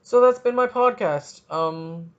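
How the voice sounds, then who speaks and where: A man from Canada hosting a casual solo podcast, rambling and joking as he thinks out loud. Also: high-pitched, takes it slowly. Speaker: podcast host. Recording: dull lo-fi recording.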